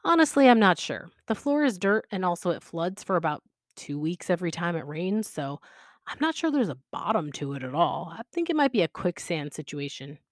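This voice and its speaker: A woman's voice: lowish voice, sing-song, a little fast, no room sound, studio quality. A woman reading aloud the lines of a cheerful, chatty young man proudly showing off his run-down house. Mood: upbeat. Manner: upbeat, chatty.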